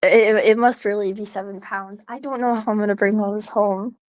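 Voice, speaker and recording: A woman's voice: mid-range voice, steady tone, brisk, a little mellow, no room sound. A woman hosting a live audio stream, chatting casually in a rambling, giggly way full of "like" and restarts, with hiccups. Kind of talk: casual chat.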